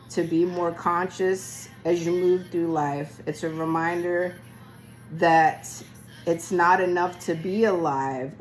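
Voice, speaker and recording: Woman, card reader, low-set voice, casual and salty, voice worn thin, faint music behind. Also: rough recording. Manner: chatty, loose and profane, talks straight to the listener. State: losing her voice. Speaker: tarot reader. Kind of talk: casual spiritual card reading. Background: music playing.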